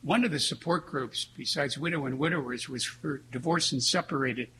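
A man preaching a sermon as a priest, telling stories in an earnest, reflective way with slow pauses. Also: mid-range voice, fairly bright tone, slight background noise, rough recording.

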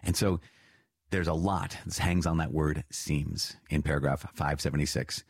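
A man with a very low, slightly husky voice walks listeners through a catechism reading. He explains earnestly and repeats key points with emphatic lifts. The sound is dry and close. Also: moderate pace, no room sound. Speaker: priest teaching the Catechism. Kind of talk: spoken teaching commentary on a reading.

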